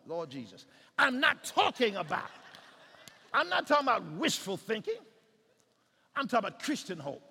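High, gravelly, shouting preacher in a hall. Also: male voice, very animated, moderate pace, pauses often. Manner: preaching with sudden shouted climaxes and hushed passages. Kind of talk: sermon.

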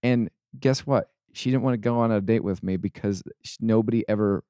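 A young man co-hosting a casual podcast, telling a rambling story with halting restarts. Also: on the low side, dark tone, clean tone, no echo, clean studio sound. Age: young adult. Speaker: podcast co-host.

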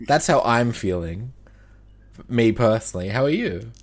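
A man's voice: mid-range voice, expressive, unhurried. A man co-hosting a casual podcast who jokes, teases his co-host and swears freely. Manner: joking, teasing, swears freely.

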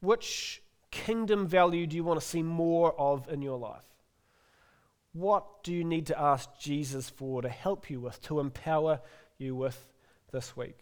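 A middle-aged male pastor preaching a sermon in an earnest, gently inviting way, then closing in prayer. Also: on the high side, measured pace.

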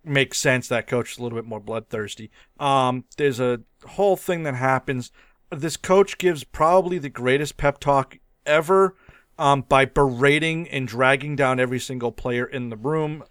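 Giggly man with a smooth, dry voice. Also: medium pitch, moderate pace, a bit bright, dry recording. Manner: laughs often, giggly and playful. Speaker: podcast co-host reviewing a film. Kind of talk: casual chat.

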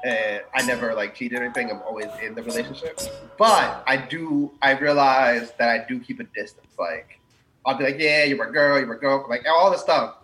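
A man's voice: mid-range voice, moderate pace, sharp tone, soft background music. A man co-hosting a casual podcast chat, joking and laughing about his love life. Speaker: podcast co-host.

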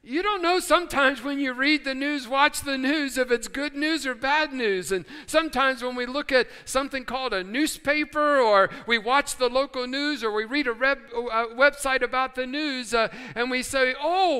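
High bright-voiced preacher in a hall. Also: male voice, normal speed, few pauses, clear, resonant tone. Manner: animated storytelling, switches voices for quoted characters. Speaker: pastor. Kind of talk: sermon. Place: church sanctuary.

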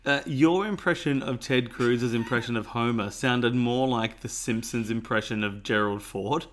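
A man's voice: mid-range voice, moderate pace, hardly any pauses, a bit bright. Wry man in podcast banter. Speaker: podcast co-host. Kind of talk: casual chat.

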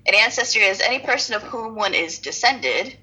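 A woman's voice: medium pitch, expressive, brisk, bright, forceful tone, breathy edge, poor audio. A woman co-hosting a casual podcast, reading notes aloud with frequent laughs and self-deprecating asides. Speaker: podcast co-host.

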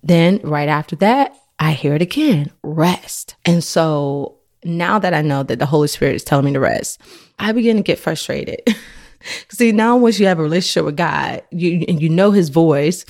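A woman with a low, full voice hosts a faith podcast. She tells a personal story in an earnest, conversational way, like she is talking to a friend. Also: expressive, moderate pace, darkish tone. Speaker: podcast host.

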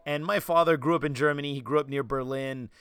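New York guy, podcast host, animated storyteller, a bit higher voice, dry studio sound. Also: quick pace, smooth, no room sound. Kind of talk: casual chat.

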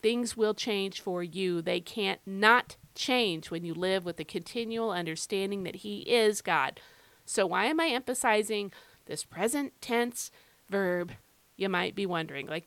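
A woman's voice: mid-range voice, a little slow, fairly bright tone, smooth, dry recording. Emphatic woman podcast host teaching Scripture. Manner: emphatic, repeats key phrases; conversational, addresses listener directly. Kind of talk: devotional Bible teaching.

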